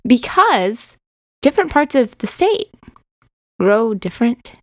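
Co-host, woman from Oklahoma, talkative, fairly high voice, dry close sound. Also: sing-song, slow pace, a little mellow, no echo. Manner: chatty, explains trivia. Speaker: teacher co-host. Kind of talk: casual chat.

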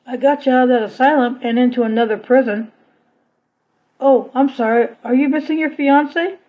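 A woman's voice: sits high, normal speed, close to an everyday voice. A woman voicing a taunting jealous young villainess. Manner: taunting, mocking. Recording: dull lo-fi recording.

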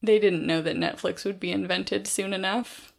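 A woman's voice: mid-range voice, fairly even intonation, moderate pace, gravelly. A woman co-hosting a podcast, chatting casually and recapping a book with lots of fillers. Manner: chatty, frequent fillers, acts out quotes. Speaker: podcast co-host.

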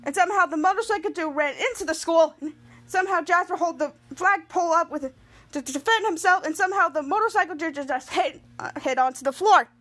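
A woman with a high voice casually recaps a TV episode on her podcast. She retells the scenes in long chains of "and then," and often breaks off to restart a sentence. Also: fast, a bit bright. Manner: retells scenes with frequent restarts and quoted lines. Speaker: podcast host.

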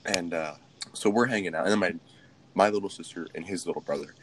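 A man's voice: low-pitched, fast, background noise. A young man co-hosting a podcast, telling a rambling, profane story in casual chat. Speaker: podcast co-host.

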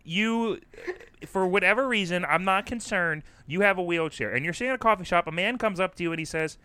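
Male co-host, slightly high voice, deadpan riffer who builds long comic scenarios. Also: fast talker, clear, resonant tone, no room sound. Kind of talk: casual comedic chat.

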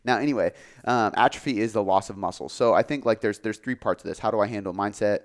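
Low voiced fitness coach guy just chatting, says like a lot. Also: quick pace. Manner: relaxed, filler-heavy, says "like" often. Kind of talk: casual podcast chat.

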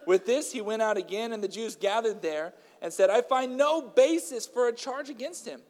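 A man preaching a sermon has a fairly high voice and first talks loosely, using some fillers. He goes on to read long passages aloud with strong emphasis, and his voice echoes with a long tail, as in a large hall.

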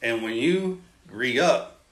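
A man's voice of ordinary pitch spins army yarns in a relaxed, chatty way, slipping into the voices of the people in his stories. He sounds like he is in a room with plenty of echo. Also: very slow, noisy background. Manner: lively storyteller, quotes others in his tales. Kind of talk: casual storytelling. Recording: roomy echoing room.

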